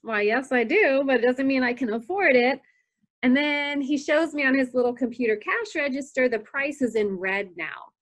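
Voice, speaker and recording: Woman in her forties, candid storyteller, self-deprecating, slightly high voice, animated. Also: normal speed. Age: 40s. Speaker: prevention educator. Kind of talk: personal storytelling in a training talk.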